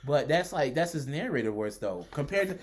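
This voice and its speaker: A man's voice: on the high side, lively intonation, a little fast. A man co-hosting a podcast, playfully arguing his case in casual chat. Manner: playful, argumentative, laughs while making his case. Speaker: podcast co-host.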